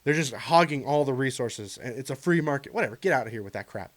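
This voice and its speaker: A man's voice: mid-range voice, animated, quick pace. A man, a gaming commentator ranting to camera in a frustrated, earnest and pleading way. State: choked up near the end. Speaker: gaming YouTuber.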